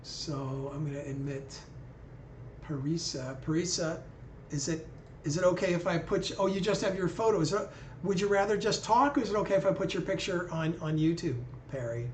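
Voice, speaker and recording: The speaker is a livestream host, a man with a fairly high voice and a brisk delivery, chatting easily with callers on a live video call. Recorded in an echoey room, the clip has slight background noise.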